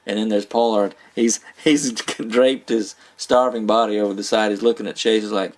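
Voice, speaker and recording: A man's voice: fairly low pitch, steady tone, moderate pace, few pauses. A man giving a casual spoken movie review, rambling with fillers, restarts and small laughs. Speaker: film reviewer.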